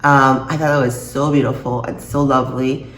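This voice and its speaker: A woman reviewing a TV episode in a casual vlog, expressive and quick to laugh and gasp. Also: extremely low pitch. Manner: expressive, reacts with laughs and gasps. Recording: echoey room, faint noise.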